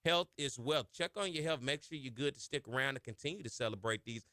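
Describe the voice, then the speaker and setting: A man hosting a sports talk radio show, chatting casually in folksy slang and getting loud and high when he hypes a point. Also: animated, fast, no room sound, clean studio sound. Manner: folksy Southern slang, chatty asides to his producer. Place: radio studio. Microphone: studio microphone.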